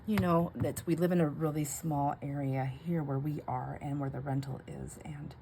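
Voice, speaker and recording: Making labels at home, a middle-aged crafting vlogger chats and rambles at a moderate pace in a low voice. She laughs frequently and thinks aloud, while steady background noise fills the home recording.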